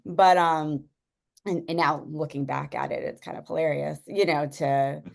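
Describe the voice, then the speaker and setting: Low gravelly young woman, chatty and rambling, lots of like and you know. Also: steady tone, measured pace. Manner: rambling, many fillers, laughs often. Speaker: guest sharing a personal story. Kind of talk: casual storytelling chat.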